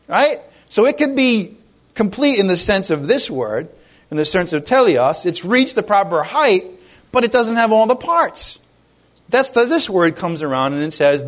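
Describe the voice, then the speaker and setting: Middle-aged male pastor, chatty, lively sermon delivery, voice sits a bit high. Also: moderate pace. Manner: conversational, animated, acts out short dialogues.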